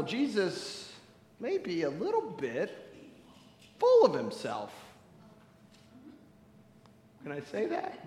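A man's voice: sits high, wildly swooping pitch, slow. A man preaching a sermon to his congregation in a church, playful and teasing as he talks straight to the people in the pews. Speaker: pastor. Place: church sanctuary. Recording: echoey church hall with long reverb.

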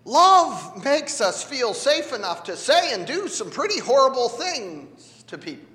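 A man's voice: very high voice, big pitch swings, unhurried, sharp tone. A man preaching a sermon in a conversational, playful way, drawing responses from his congregation in a church. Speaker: pastor. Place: church sanctuary. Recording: echoey hall.

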